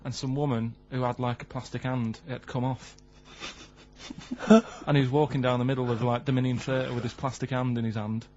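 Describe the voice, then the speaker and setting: A man with a Manchester accent, a regular on a comedy radio show, telling rambling stories in a deadpan way. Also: medium pitch, normal speed, long pauses. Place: radio studio. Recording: dull radio sound with faint hum.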